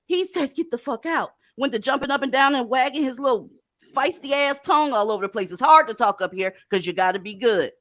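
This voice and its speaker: A woman hosts a livestream and runs through her commentary in a blunt, profane, scolding way. Her voice sits a little high and swings widely in pitch. The sound is dry and close. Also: animated, brisk, no room sound. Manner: scolding, sarcastic, emphatic. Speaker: livestream host.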